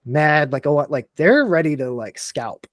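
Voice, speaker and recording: An animated man talks through a podcast in a dry, close room. He leans hard on his points, scatters "like" through every sentence and swears without a second thought. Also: on the high side, normal speed, no echo. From Texas and Tennessee, USA. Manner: animated, emphatic, fills speech with "like", swears freely. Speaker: podcast guest, military veteran. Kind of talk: casual chat.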